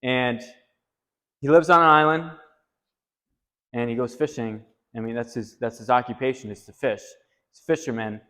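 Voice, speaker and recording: A man's voice: moderate pace, long pauses. Man telling a story in an echoing hall. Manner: animated, rising pitch when quoting. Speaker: retreat discussion leader. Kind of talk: storytelling to a group. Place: retreat meeting room.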